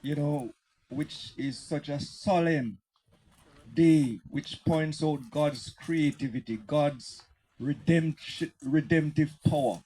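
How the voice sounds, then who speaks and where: A man, adding an earnest, measured comment in a church talk, with many fillers. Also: fairly high pitch, mellow, breathy edge, rough recording. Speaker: call participant. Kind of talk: sermon comment.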